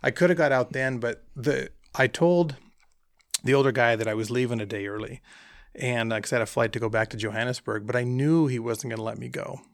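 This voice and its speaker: Guy with a gravelly voice spinning a hunting trip story, dry close sound. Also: medium pitch, brisk, no room sound. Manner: animated anecdote with quoted dialogue. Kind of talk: casual storytelling.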